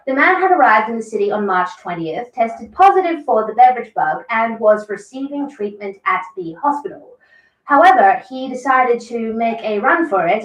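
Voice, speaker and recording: A woman narrating a scripted news report in a measured, informative way. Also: on the high side. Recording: roomy, distant played-back clip.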